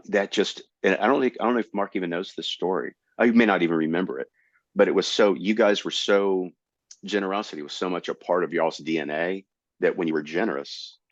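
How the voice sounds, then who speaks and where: Man, middle-aged, deep, animated, dry muffled sound. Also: no echo. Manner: animated, jumps into high voices to act out quotes. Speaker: comedian guest. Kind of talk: storytelling in a casual interview.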